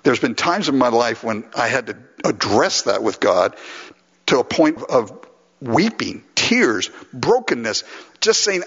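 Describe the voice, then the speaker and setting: Animated pastor preaching in a reverberant hall. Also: male voice, medium pitch, a little slow, breathy edge, muffled recording. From Los Angeles. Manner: animated, acts out prayers, chuckles often. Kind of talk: sermon.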